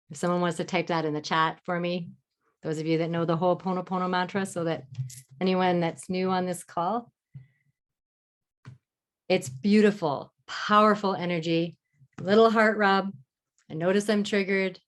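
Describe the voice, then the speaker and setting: A woman hosting a live online masterclass as a mentor, explaining in an encouraging way and speaking mantras softly and slowly. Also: on the low side, fairly even intonation. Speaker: love mentor and masterclass host.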